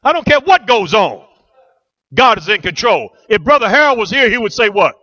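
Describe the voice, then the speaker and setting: A man's voice: sits high, big pitch swings, normal speed, bright, forceful tone, lo-fi sound. A middle-aged man preaching a rousing sermon as pastor, asking the church questions and answering them.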